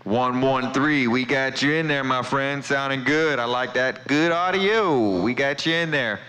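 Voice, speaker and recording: Man, CB radio chatter, bright crisp voice, friendly sign-offs. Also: mid-range voice, steady tone, moderate pace, rough recording. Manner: friendly, repeats his call sign and sign-offs. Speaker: CB radio operator. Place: home radio station. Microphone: CB radio microphone.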